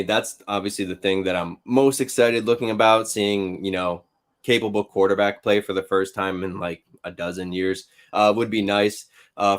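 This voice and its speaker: Low-voiced, measured male sports analyst. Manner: measured, analytical, frequent hesitations. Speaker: podcast guest, team fan analyst. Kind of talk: casual sports podcast analysis.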